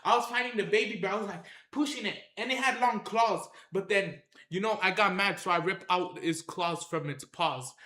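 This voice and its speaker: A man's voice: sits high, moderate pace, few pauses, reverberant. A man telling a rambling story on a livestream, repeating himself and calling out to his chat. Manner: animated, repetitive, addresses the chat directly.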